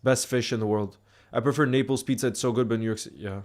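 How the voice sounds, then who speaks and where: A man's voice: mid-range voice, fairly even intonation, quick pace, darkish tone. A man live-streaming a football match watchalong, chatting casually with viewers and rambling with frequent restarts.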